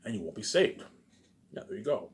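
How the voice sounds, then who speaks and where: A man's voice: fairly low pitch, big pitch swings, a little fast. A man giving a rambling, repetitive monologue to camera that turns into a heated rant, with frequent swearing. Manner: swears often, keeps saying "obviously". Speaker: vlogger.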